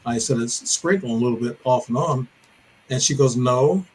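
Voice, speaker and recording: In a mid-range, slightly mellow voice at a moderate pace, an older Illinois man recounts a personal encounter as a podcast guest. His storytelling is detailed and meandering, with self-corrections, and the poor recording carries a little hiss or hum.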